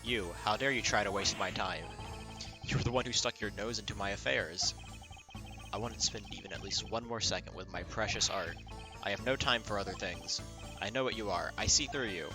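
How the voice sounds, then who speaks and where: A haughty wealthy male art dealer who has no time for anyone, as a man reading game dialogue puts him on. He talks in pompous, clipped, dismissive phrases in a lowish voice. Faint music plays behind him. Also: brisk, lightly acted.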